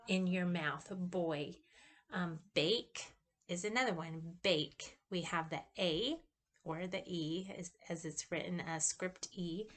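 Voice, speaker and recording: A woman presents a class topic to the camera in a slightly low voice. She speaks slowly and carefully, with frequent pauses and fillers as she explains each point. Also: fairly bright tone. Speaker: student presenter.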